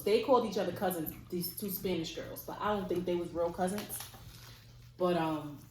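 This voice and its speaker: A woman vlogger casually telling a personal story to camera. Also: lowish voice. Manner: casual, lively storytelling with fillers. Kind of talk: storytime chat. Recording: echoey room, faint noise.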